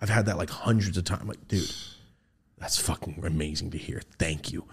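A young man hosting a podcast, telling a story casually and acting out quotes with sudden shouts. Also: normal speed, husky. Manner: animated, acts out quotes with big pitch jumps and shouts. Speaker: podcast host.

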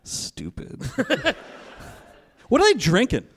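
This is a man with a high, very animated voice. He is co-hosting a podcast. He riffs on a movie with sarcastic, crude humor in casual banter. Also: moderate pace. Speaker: podcast co-host. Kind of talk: joking movie-riff banter.

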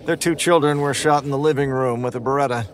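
A man's voice: mid-range voice, steady tone, fast, background noise. Grim weary man narrating horror. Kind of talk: first-person horror narration.

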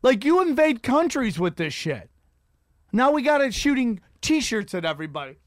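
A man's voice: extremely high pitch, normal speed, dry recording, clean studio sound. A man hosting a podcast, rambling and profane in a casual comedic rant. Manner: rambling, profane, animated storytelling. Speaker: podcast host.

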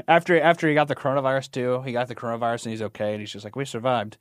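A man's voice: mid-range voice, rapid-fire, clear, resonant tone, no room sound, studio quality. A man with a Southern US accent co-hosting a podcast, joking and laughing often in casual chat. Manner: laughs often, jokey, talks over others. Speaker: podcast co-host.

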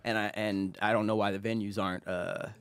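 A man's voice: fairly low pitch, level tone, a little fast, smooth, no room sound. A man co-hosts a comedy podcast in a loose, conversational way. He asks questions and lets his sentences trail off. The sound is dry and close. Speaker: podcast co-host. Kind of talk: casual chat.

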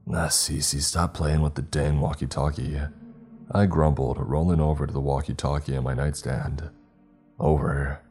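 A male horror narrator reads in a measured, steady way, his voice extremely deep and dark. It carries a husky texture, with faint music running under the reading.

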